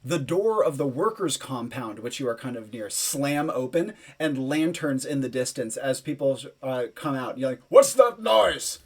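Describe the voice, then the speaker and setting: A man narrates a tabletop game as game master, painting scenes in rich detail. He talks casually, with fillers. His pitch sits in the middle range. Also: normal speed, few pauses, darkish tone, breathy edge.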